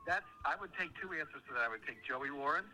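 A man's voice: on the high side, lively intonation, fast talker, sharp tone, rough recording. A man calling in to a radio show, playful and teasing as he runs a guessing game. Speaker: caller doing impressions. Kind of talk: casual radio call-in.

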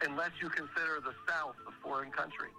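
A man's voice: on the high side, fairly even intonation, fast, gravelly, bright, forceful tone, faint music behind, low-quality recording. A man calling in to a radio show, playful and teasing as he runs a guessing game. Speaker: caller doing impressions. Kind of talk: casual radio call-in.

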